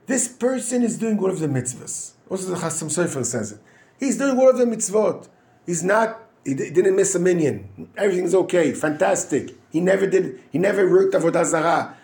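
Animated, gravelly rabbi. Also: male voice, high voice. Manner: animated, acts out quoted speakers in raised voices; halting restarts while searching for English words. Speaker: rabbi teaching at a yeshiva. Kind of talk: weekly Torah talk.

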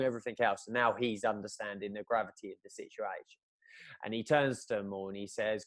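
A man's voice: on the low side, fairly even intonation, fairly quick, dry recording. A man, retelling a story in a rambling, casual chat, full of fillers and restarts.

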